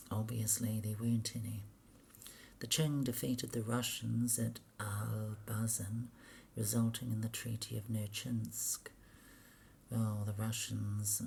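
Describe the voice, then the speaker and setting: A woman's voice: extremely low pitch, dark tone, slight background noise. A woman reading history pages aloud in a half-whispered mutter, grumbling and swearing constantly as she goes. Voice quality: often whispered, gravelly.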